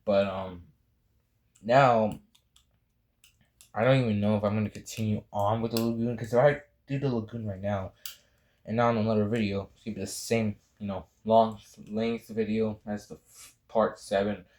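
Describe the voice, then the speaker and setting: A young man's fairly low, steady, slightly mellow voice moves at a moderate pace as he draws for his tutorial. He chats loosely, rambling, apologizing, and restarting often amid plenty of fillers.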